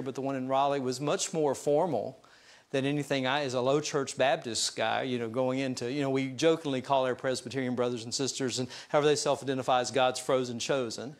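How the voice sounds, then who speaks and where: A male pastor preaching a sermon, telling stories in a folksy, self-deprecating way. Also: medium pitch. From US South mountain region. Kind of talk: sermon storytelling.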